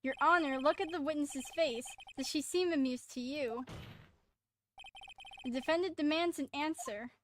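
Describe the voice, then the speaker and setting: A woman's voice: high voice, normal speed, a little hiss or hum, natural voice. A woman voicing an earnest young male defense lawyer in a courtroom game, pressing with questions. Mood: insistent. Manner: insistent, questioning. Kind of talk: reading game dialogue aloud.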